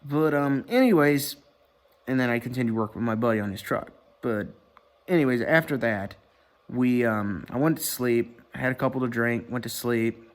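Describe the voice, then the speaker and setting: A man's voice: medium pitch, moderate pace. A man talking casually to his camera at home, rambling with lots of fillers and restarts and plenty of swearing. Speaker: vlogger. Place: indoor room at home. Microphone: webcam or computer mic.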